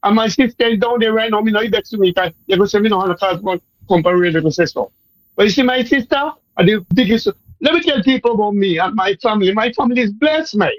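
A man's voice: sits high, no echo, rough recording. Fervent Montserratian man calling in. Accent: Montserratian Caribbean. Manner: rambling, repetitive, fervent. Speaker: radio caller. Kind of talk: emotional call-in to radio.

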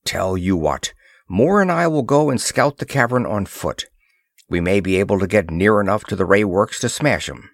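Emphatic expedition chief, man reading, low, lively, dry. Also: moderate pace, gravelly, no room sound. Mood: firm. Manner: emphatic, firm. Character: firm adult male expedition leader.

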